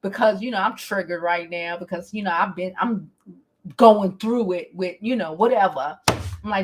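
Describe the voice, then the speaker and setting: A woman vlogger telling a casual storytime to her viewers, animated and profane, often breaking into laughter. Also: mid-range voice, normal speed, a little hiss or hum. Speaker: beauty vlogger.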